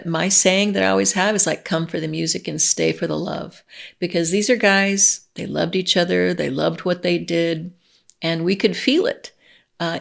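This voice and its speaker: A middle-aged woman vlogging in a gushing, excitable way, laughing often and restarting her sentences. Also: medium pitch, vocal fry. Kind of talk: casual chat to camera.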